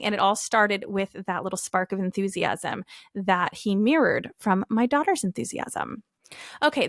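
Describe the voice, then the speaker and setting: A woman's voice: medium pitch, no echo, studio quality. A woman in her thirties hosting a casual solo podcast, upbeat and chatty, often acting out what her family says. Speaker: podcast host.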